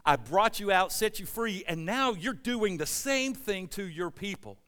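A man preaching a sermon, reading scripture and explaining it, swinging from loud emphatic stretches to quiet asides. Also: high-pitched, measured pace, smooth, long reverb tail. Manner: animated preaching, rising loud at emphasis, dropping soft. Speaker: pastor.

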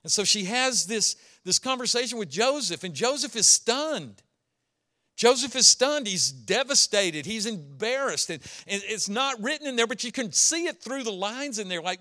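A male pastor preaching a sermon, retelling a story and acting out its characters in quick asides. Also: high-pitched, lively intonation, bright, forceful tone.

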